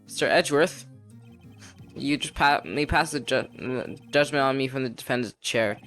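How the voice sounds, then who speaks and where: A man's voice: medium pitch, moderate pace, a bit bright. A man streaming a game, reading all the characters' lines aloud in his own voice and laughing at the game as he goes. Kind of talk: casual gameplay reading with commentary. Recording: music behind voice. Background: faint game music.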